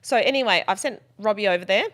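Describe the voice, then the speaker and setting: A woman co-hosts a relaxed podcast and tells work stories in a lively, rapid stream. She swears freely and slips into the voices of the people she quotes. Her pitch sits in the middle range. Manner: animated storyteller, swears freely, acts out quotes. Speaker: podcast co-host and wedding planner. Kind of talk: casual podcast chat.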